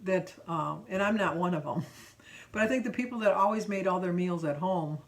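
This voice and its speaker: A woman's voice: fairly low pitch, moderate pace, far from the mic. A middle-aged woman vlogging in a rambling, chatty way, full of ums and self-corrections. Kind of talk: casual vlog chat.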